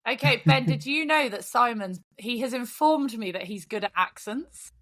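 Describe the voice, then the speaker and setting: A woman hosting a podcast in casual chat, lively and teasing. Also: on the high side. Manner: lively, teasing and quick to laugh. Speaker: podcast host.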